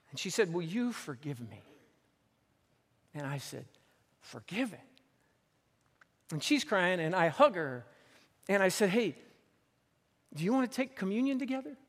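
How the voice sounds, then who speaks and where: A man's voice: sits high, long reverb tail. A man preaching a sermon as pastor on a church stage, telling a story earnestly and repeating phrases for emphasis.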